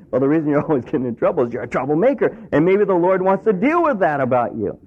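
A man's voice: high voice, big pitch swings, very fast, few pauses. A middle-aged male pastor preaching a sermon in a conversational way, acting out the voices of the people he quotes. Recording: tinny phone-like radio broadcast.

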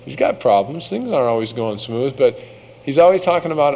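A man preaching a sermon, reading scripture slowly and measuredly, then breaking into casual asides. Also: mid-range voice, big pitch swings, gravelly, big-room sound, lo-fi sound.

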